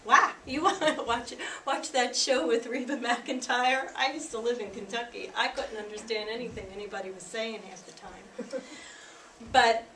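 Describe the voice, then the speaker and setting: An American woman training tutors in a workshop, talking in an animated, emphatic way and demonstrating sounds aloud. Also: on the high side, moderate pace, slight background noise. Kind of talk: teaching workshop presentation. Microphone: distant room mic. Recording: echoey room from a distance, faint ambience.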